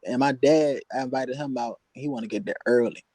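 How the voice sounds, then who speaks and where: A man's voice: medium pitch, a little fast, darkish tone, husky, no echo, rough recording. A man doing a stand-up set at an open mic, telling stories in loose, casual street slang. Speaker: stand-up comedian. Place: open mic comedy venue.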